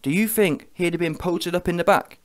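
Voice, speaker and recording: A man with a high, brisk voice rants on his vlog with heated, mocking boxing commentary. As he reacts, he keeps checking in by asking the viewer "yeah?".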